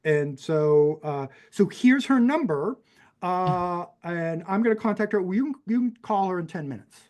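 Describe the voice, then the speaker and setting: His voice sits high and sounds darkish, animated yet unhurried. As a podcast guest, this fifty-something New Mexico man with a general American accent tells a personal story in a wandering, conversational way, often restarting and using fillers.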